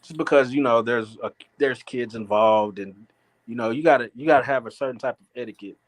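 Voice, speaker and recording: A man's voice: mid-range voice, fairly quick. A man co-hosting a podcast in laid-back casual chat, mostly chiming in and agreeing. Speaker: podcast co-host.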